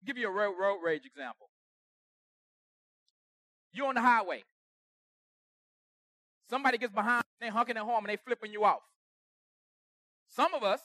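A man preaching a conversational sermon with humor, acting out everyday quarrels and swinging from soft asides to shouts. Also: high-pitched, normal speed, long pauses, no echo, studio quality.

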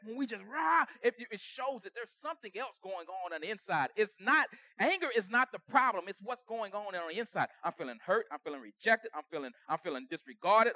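A man preaching a conversational sermon with humor, acting out everyday quarrels and swinging from soft asides to shouts. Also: sits high, no room sound, clean studio sound.

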